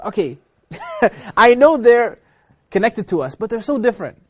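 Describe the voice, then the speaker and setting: A man's voice: very high-pitched, very animated, moderate pace. A man hosting a casual interview, upbeat and chatty, laughing easily. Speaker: show host.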